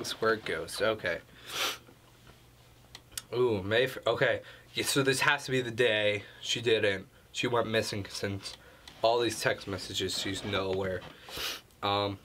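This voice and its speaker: A man's voice: lowish voice, steady tone, slow pace, pauses often, fairly bright tone. A young man casually commenting on a game, reacting with sarcastic jokes as he reads messages aloud. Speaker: gaming channel host. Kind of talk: casual let's play commentary.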